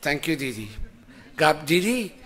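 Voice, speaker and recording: Man, temple leader, bright forceful tone, playful teasing sermon style. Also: a little high, a little slow. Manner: animated, playful, calls people up by name. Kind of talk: informal sermon to congregation. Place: temple hall before congregation.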